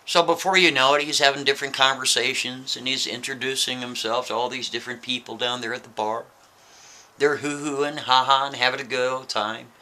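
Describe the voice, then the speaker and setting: A man spinning a thriller yarn in loose, conversational storytelling. His voice is bright and forceful, sitting at an ordinary pitch. He keeps pulling the listener in with quick asides. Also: fairly even intonation. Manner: chatty, with frequent "right?" asides to the listener. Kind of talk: casual spoken storytelling.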